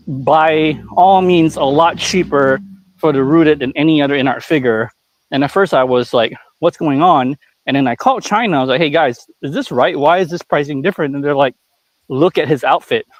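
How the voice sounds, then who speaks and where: A man's voice: a little high, moderate pace, no echo. A man who runs a figure store, talking in a blunt, profane, ranting way in a casual live-stream chat.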